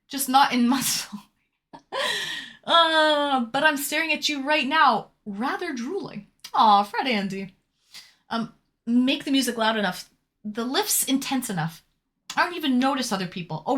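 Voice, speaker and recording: A woman's voice: fairly high pitch, pushed and bright. A woman live streamer chatting casually, reading viewer messages aloud with a teasing, chatty manner and casual swearing.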